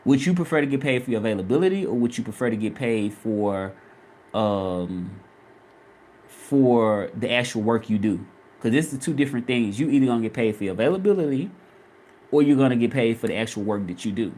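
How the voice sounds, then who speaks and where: A man's voice: mid-range voice, animated, brisk, darkish tone. Southern man chatting casually on a livestream. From Memphis, Tennessee. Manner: chatty, repeats questions, reads out viewer comments. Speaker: vlogger and freelance Spanish interpreter.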